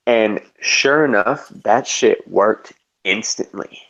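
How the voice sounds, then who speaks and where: A man tells a long, meandering story in a relaxed chat, swearing freely and leaning on filler words as he goes. His voice sits fairly low. The audio is dull and lo-fi, like a home stream. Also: slow pace. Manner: rambling, profane, filler-heavy storytelling. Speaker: storyteller in a live debate chat. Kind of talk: casual chat.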